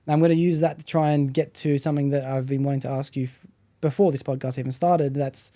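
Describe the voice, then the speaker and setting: Aussie guy hosting a podcast, real warm dark tone, rambly and candid. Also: medium pitch, steady tone, fast talker. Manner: candid, rambling, says "you know" often. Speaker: podcast host. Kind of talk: casual podcast conversation.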